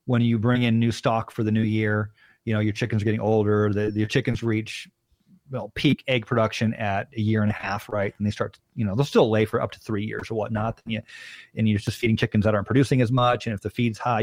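A man's voice: on the low side, flat delivery, quick pace, a little mellow, dry recording. Rambling man telling stories, dry sound. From Arizona, US. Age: 30s. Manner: rambling, acts out quoted voices. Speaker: podcast guest. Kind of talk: casual storytelling conversation.

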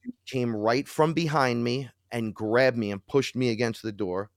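A man, a podcast guest telling animated, profane stories and acting out the quotes. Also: mid-range voice, a little slow, no room sound, clean studio sound. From Bronx, New York. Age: 40s. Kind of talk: casual storytelling.

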